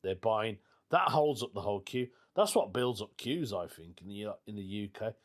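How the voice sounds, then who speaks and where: A man's voice: fairly low pitch, moderate pace. British guy rambling on his podcast, jokey, voice bouncing up and down a lot. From United Kingdom. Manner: chatty, jokey, animated, laughs often. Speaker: podcast host. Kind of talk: casual solo podcast chat.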